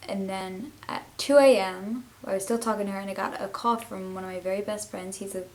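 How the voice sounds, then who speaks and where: A woman's voice: medium pitch, fairly even intonation, brisk, a little mellow, low-quality recording. A teenage girl vlogging casually and heartfelt, rambling with lots of fillers as she talks. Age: teens. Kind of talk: casual confessional vlog.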